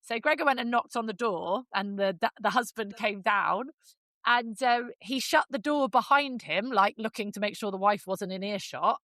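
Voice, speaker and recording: A woman's voice: mid-range voice, normal speed, fairly bright tone, dry recording. A woman hosting a casual podcast, telling a story with energy, acting out quoted lines and swearing freely.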